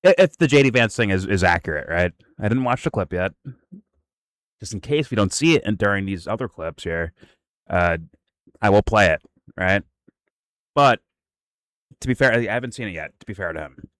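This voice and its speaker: A man's voice: on the low side, lively intonation, moderate pace, pauses often, fairly bright tone, no room sound. Incredulous, cursing man in a dry room. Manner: incredulous, profane, rambling with restarts. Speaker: host. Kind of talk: casual reaction commentary.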